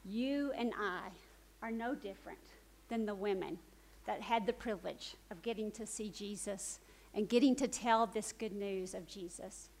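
A woman preacher retelling a story in a sermon, swinging from urgent, animated telling to hushed, soft emphasis. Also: medium pitch, poor audio.

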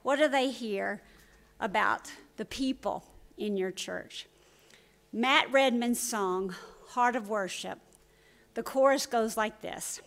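A woman preaching a church sermon, telling stories and voicing quotes with lively swings in loudness. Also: a little high, slow pace, long pauses. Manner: storytelling with voiced quotes, lively shifts in loudness.

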